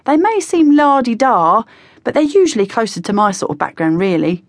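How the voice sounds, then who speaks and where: A woman's voice: fairly high pitch, very animated, moderate pace, dry recording, clean studio sound, voice pushed up. A woman voicing a cocky, slangy teenage boy spy who talks in a breezy, conspiratorial way. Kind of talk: audiobook character voice.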